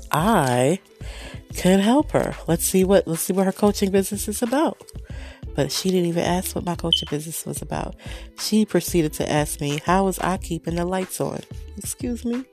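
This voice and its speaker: A woman hosting her own show, telling a story in a sarcastic, animated rant with frequent swearing. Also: sits low. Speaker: podcast host. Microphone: desk microphone.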